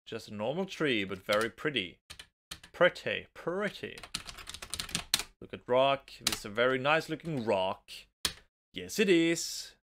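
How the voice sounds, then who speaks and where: A young Norwegian man, a native speaker with a Norwegian accent, hosts a let's play, casually commenting on his game and reading its text aloud with nervous giggles. His mid-range voice is animated and unhurried, and the background is noisy.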